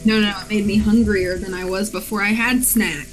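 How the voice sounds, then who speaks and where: A woman's voice: medium pitch, fairly even intonation, moderate pace, soft background music, poor audio. A woman co-hosting a gaming stream, chatting in a giggly, rambling way and explaining the game. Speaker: co-host guiding the game. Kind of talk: casual gaming chat.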